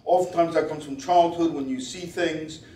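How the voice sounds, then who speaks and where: At a gala, a man with a fairly high, steady, mellow voice speaks at a normal speed while running a live stage act with audience volunteers, reading their body language, teasing them with wry asides and chanting repeated commands. The event hall is roomy, he's picked up from a distance, and there's slight background noise.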